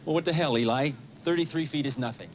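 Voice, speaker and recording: Guy doing a defensive film crew guy, fast, a little ambience behind. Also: a little high, a little hiss or hum, natural voice. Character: blunt male camera crewman.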